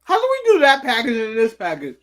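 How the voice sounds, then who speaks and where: A man from the United States with a high, bright voice co-hosts a casual live stream. He rants with animated energy, munching food between points. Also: a little fast. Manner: animated ranting, snacking while talking. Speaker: co-host.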